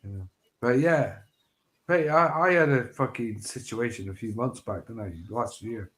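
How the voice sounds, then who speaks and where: A man's voice: medium pitch, moderate pace, fairly bright tone. A man speaking as a guest in a casual livestream chat, blunt and sweary, trailing off with fillers. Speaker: panel guest.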